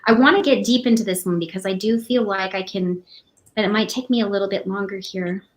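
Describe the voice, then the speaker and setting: Woman, psychic reader, halting delivery, emotional, many restarts. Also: mid-range voice. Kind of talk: live psychic reading.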